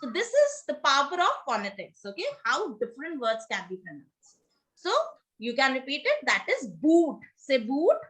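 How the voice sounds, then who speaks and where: A woman's voice: high voice, wildly swooping pitch, moderate pace, fairly bright tone. A woman teaching a pronunciation lesson to a class, leading drills, coaxing students to repeat words and checking in with "okay?".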